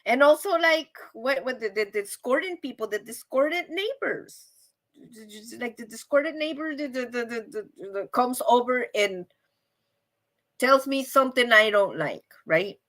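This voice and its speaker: Woman livestream host, high bright voice, chatty, animated asides. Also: a little slow. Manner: chatty, repeats "right?" often; animated, acts out quoted voices. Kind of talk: casual livestream chat.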